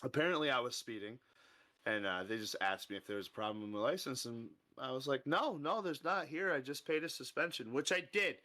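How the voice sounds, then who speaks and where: A man's voice: mid-range voice, fairly quick, pushed and bright. A man in his thirties on a podcast, telling a long story in casual chat, acting out the voices of people in it and laughing as he goes.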